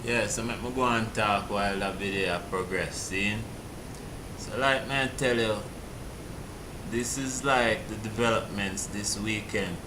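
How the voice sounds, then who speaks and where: A man's voice: lowish voice, a little slow, background noise. A man, chatting casually as a vlog host reacting to a clip, laid-back and amused.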